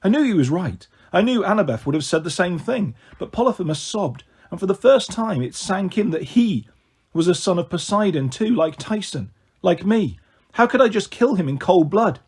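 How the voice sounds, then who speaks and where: A man reading a novel aloud in first person, with expressive, animated narration. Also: high voice, moderate pace, husky. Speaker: storyteller.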